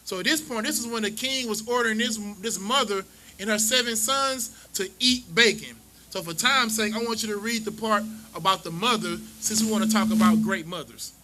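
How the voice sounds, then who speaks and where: A man's voice: high voice, fairly quick, bright, forceful tone, slight background noise, rough recording. A man teaching scripture to a class in a preachy, mocking, conversational way. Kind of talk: street-style scripture teaching.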